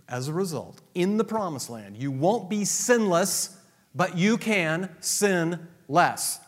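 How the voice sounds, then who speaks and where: A male pastor preaching a sermon, swinging between loud emphatic declarations and low asides. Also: animated, takes it slowly. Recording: long reverb of a large hall.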